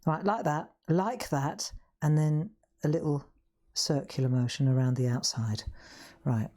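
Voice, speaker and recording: In a craft room, a middle-aged woman with a Southern English accent hosts a live craft demonstration, chatting away, poking fun at herself and laughing often. She speaks unhurriedly in a low-pitched, dark-toned voice.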